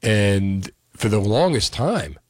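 A man's voice: on the low side, sing-song, takes it slowly, a little mellow, no room sound, studio quality. A middle-aged man with a New Jersey accent, a radio host telling stories in a casual, chatty way with many fillers.

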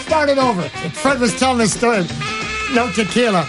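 Middle-aged male sports radio host, boisterous and rambling, high voice, faint music underneath. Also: expressive, fairly quick. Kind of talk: casual radio chat.

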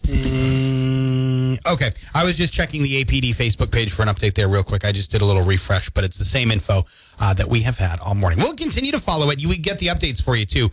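A man's voice: mid-range voice, lively intonation, quick pace, fairly bright tone, no echo. A man hosting a morning radio show in a studio, joking playfully and reading out listener comments and news updates. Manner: playful, jokey, reads listener comments aloud. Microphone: studio microphone.

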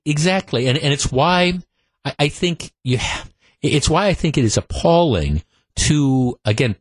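A man's voice: mid-range voice, husky, no echo. Stammering male talk radio host. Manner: halting, many stammered restarts. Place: radio studio. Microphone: studio microphone.

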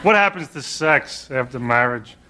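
A man from New York doing a stand-up routine in a deadpan, self-mocking manner, heard in an old recording with a loud crowd and noise. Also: mid-range voice, normal speed. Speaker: stand-up comedian.

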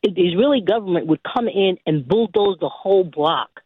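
Older guy calling in, lecturing hard, husky voice on a dry phone line. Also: high-pitched, animated, normal speed. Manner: forceful, lecturing, scornful. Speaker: caller. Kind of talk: call-in talk radio.

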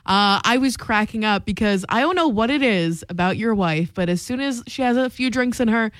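A woman's voice: medium pitch, brisk, no echo. A woman co-hosting a morning radio show, chatting in a playful, giggly way. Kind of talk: casual radio banter. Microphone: studio microphone.

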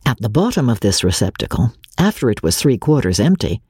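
A man reading a novel aloud as an audiobook narrator, in an expressive storytelling manner. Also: medium pitch, a little fast, husky, no echo, clean studio sound. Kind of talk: scripted literary narration.

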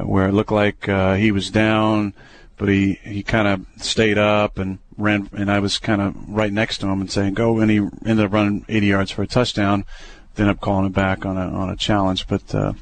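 A young adult man, a quarterback, talking through plays in a relaxed, hesitant way with many fillers and restarts. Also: fairly low pitch, slight background noise. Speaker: football quarterback. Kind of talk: casual radio interview.

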